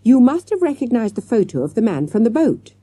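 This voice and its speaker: A woman reading an audiobook, voicing a clever young schoolboy who presses with probing questions, in a high husky voice. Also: big pitch swings, brisk, warm tone, no room sound. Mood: pressing. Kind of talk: audiobook character voice.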